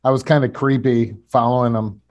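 A man's voice: medium pitch, fairly even intonation, fairly quick, a little mellow, dull audio. A man chatting casually on a podcast, easygoing and willing to swear.

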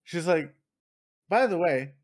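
Brief: man in his thirties, podcast co-host, swears freely, animated storyteller who acts out quotes, pitch a touch high. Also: slow. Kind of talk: casual podcast chat.

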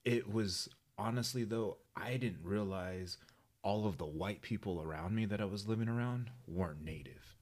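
Low husky male podcast co-host, casual storyteller, does voices for people in his anecdotes. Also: normal speed. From New Mexico, US. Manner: animated storyteller acting out quoted voices.

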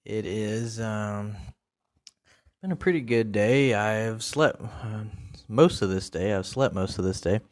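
A man's voice: on the low side, slow. A man hosting a casual solo podcast, talking in a rambling, laid-back way with many fillers. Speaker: podcast host.

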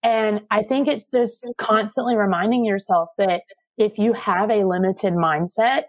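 A woman's voice: mid-range voice, measured pace, no room sound. Earnest woman coach, dry close sound. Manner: earnest, encouraging, lots of "like" fillers. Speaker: guest, money and marketing coach. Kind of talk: casual motivational interview talk.

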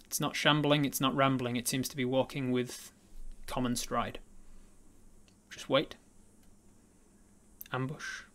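A man's voice: medium pitch, little pitch movement, takes it slowly, pauses often, a bit bright. A man narrating a tabletop role-playing game as game master, describing the scene with frequent ums and uhs.

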